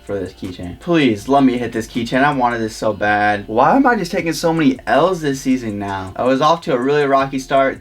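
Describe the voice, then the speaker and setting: A young man vlogging casual live commentary, frustrated and pleading as he talks. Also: medium pitch.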